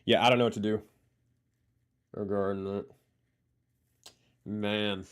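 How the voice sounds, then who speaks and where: A man's voice: on the low side, flat delivery, slow, clear, resonant tone. Man testing his mic on a stream. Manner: frustrated, testing his mic with repeated phrases. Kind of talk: casual live-stream chat.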